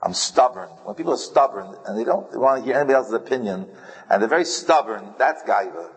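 A man's voice: mid-range voice, animated, fairly quick, breathy edge. A man preaching in an easygoing, rambling way, stopping to search for words and slipping in dry humor. He has a mid-range voice, and a long reverb from the hall hangs behind him. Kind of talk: sermon with storytelling.

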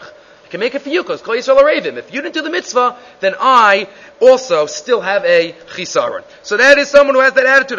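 In a dull lo-fi recording, a Talmud teacher gives a Gemara class in a very high, pushed, bright voice. He reads the Hebrew and Aramaic aloud in a sing-song chant before translating and explaining it in English, with many restarts.

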